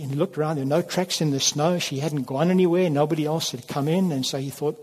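A man preaching a sermon, telling a story in an unhurried way and then leading a quiet prayer. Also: fairly high pitch, slightly rough. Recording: long hall reverb.

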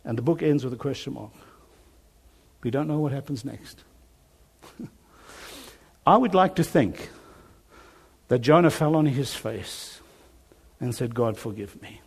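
Preaching, a man recounts a Bible story, animating it with voiced dialogue and the occasional chuckle. His medium-pitched voice is creaky and slightly rough, taking things slowly with frequent pauses, against a long hall reverb.

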